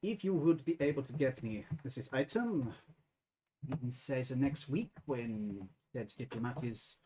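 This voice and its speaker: A man's voice: medium pitch, expressive, measured pace, warm tone, slight background noise, voice pushed down, close to an everyday voice. A man voicing a formal, scheming male German banker with a put-on German accent that keeps drifting. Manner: formal, hesitant, discreet.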